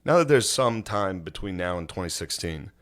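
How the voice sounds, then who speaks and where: A man's voice: low voice, animated, normal speed, fairly bright tone. A man hosting a podcast in casual chat, laid-back, laughing often and swearing freely. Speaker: podcast host.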